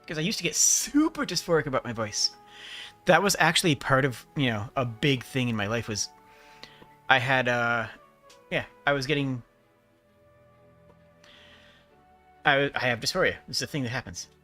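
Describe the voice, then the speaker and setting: A man streaming, chatting casually about voice technique while holding a deliberately gruff, gravelly voice. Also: medium pitch, expressive, sharp tone, faint music behind. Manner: talks about voice technique, loose and rambling.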